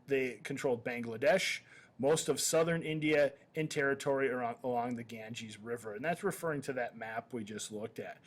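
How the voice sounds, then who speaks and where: A man of middle pitch gives a history lesson over slides. He keeps an easy, conversational tone, fills his pauses with "uh" and "um", and now and then corrects himself partway through a sentence. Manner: conversational, many "uh" and "um" fillers, self-correcting. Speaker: history teacher. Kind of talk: recorded slideshow lecture.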